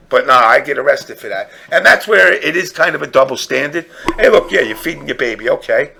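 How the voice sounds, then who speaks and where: A man's voice: mid-range voice, lively intonation, brisk, vocal fry, hardly any pauses, bright, forceful tone. A man hosting a casual podcast, ranting crudely and rambling while mocking others in put-on voices. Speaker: podcast host.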